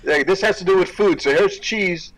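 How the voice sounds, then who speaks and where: A man's voice: high-pitched, normal speed, poor audio. A man co-hosting a casual chat, rambling with fillers and laughing as he comments on videos. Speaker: co-host.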